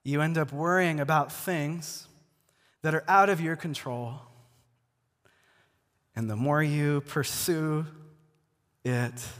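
Relaxed male pastor in a reverberant hall. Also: mid-range voice. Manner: relaxed, repeats words as he restarts, addresses the congregation directly. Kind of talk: conversational sermon. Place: church before a live congregation.

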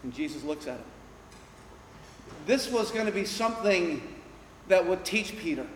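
A man's voice: sits high, lively intonation, normal speed, a little hiss or hum. A man preaching a sermon as pastor, earnest and emphatic. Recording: echoey hall.

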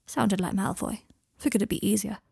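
Brief: woman reader as an emotional young wizard man, gravelly and dry. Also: mid-range voice, fairly even intonation, fairly quick, a little mellow, no echo, full character voice. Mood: subdued.

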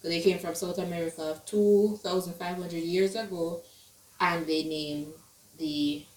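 A woman's voice: fairly low pitch, far from the mic. Jamaican woman, roomy and off-mic. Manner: chatty, joking asides, trails off. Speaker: podcast co-host. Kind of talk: casual chat. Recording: roomy, set back from the mic.

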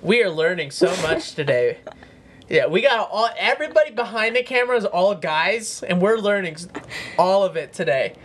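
A woman's voice: medium pitch, expressive, fairly quick, slight background noise. A young woman co-hosting a podcast in casual chat, throwing in joking, teasing remarks. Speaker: podcast co-host.

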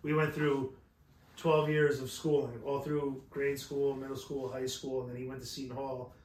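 A man's voice: mid-range voice, moderate pace, slight background noise. Rambling, profane man in an echoey room. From New York. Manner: rambling, profane, animated storytelling. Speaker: podcast co-host. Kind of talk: casual chat. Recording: roomy echo.

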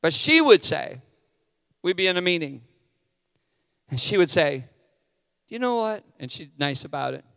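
Self-mocking pastor with a smooth voice. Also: male voice, fairly high pitch, lively intonation, normal speed, pauses often, fairly bright tone, studio quality. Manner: candid, self-deprecating asides. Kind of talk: sermon. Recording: long hall reverb.

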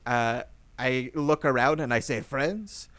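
Brief: male player, smooth tone with gravelly edges, deliberate. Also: medium pitch, fairly bright tone. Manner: deliberate, describes actions.

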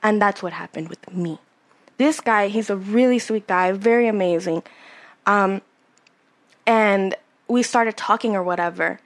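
A woman's voice: medium pitch, unhurried, pauses often. A young woman in her twenties chatting casually on a podcast, candid and rambling, swearing freely as she tells a personal story. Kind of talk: casual chat.

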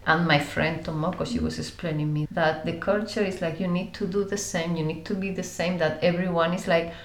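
A woman, telling stories as an interview guest in a lively way, acting out voices and using many fillers. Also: lowish voice, a little fast, reverberant. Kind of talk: conversational storytelling.

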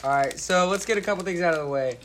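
A man's voice: high voice, fast, noisy background. A young man hosting a casual podcast from a cabin in the woods, loose and joking, with many restarts. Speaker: podcast host.

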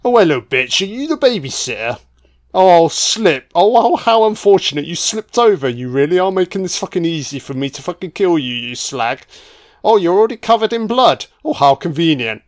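A man's voice: sits high, sing-song, moderate pace, voice pushed up. A man voicing a masked male slasher killer, taunting his victims in crude, mocking, sing-song lines. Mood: gleeful taunting.

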